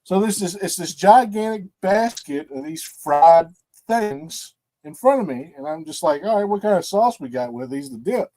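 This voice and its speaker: A man telling a story in casual podcast chat, acting out the quotes with lively energy. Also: high voice, normal speed. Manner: animated storyteller, acts out quotes. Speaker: podcast co-host.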